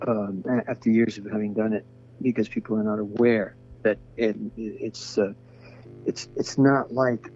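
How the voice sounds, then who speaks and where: A man's voice: lowish voice, fairly even intonation, measured pace, a little mellow, soft background music. An older man, a voice actor, telling long rambling stories in an interview and acting out the voices he quotes. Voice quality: gravelly, husky. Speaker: voice actor guest. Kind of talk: interview storytelling. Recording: dull lo-fi sound.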